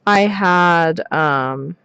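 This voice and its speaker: A woman's voice: fairly low pitch, drawn-out words, a bit bright, clean tone, dry recording, dull audio. A woman chatting casually on a live stream while she paints her nails, rambling with many asides. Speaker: nail art streamer.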